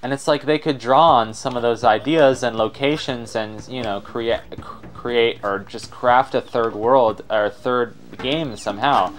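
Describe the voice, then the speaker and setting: A man's voice: medium pitch, measured pace. A young man giving casual gameplay commentary in a rambling, self-deprecating way. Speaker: let's player.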